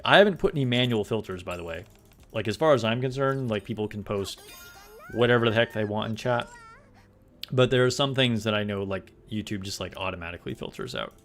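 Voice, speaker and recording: A young man chatting casually with his live-stream chat while playing a game, relaxed and quick to laugh. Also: lowish voice. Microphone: desk microphone.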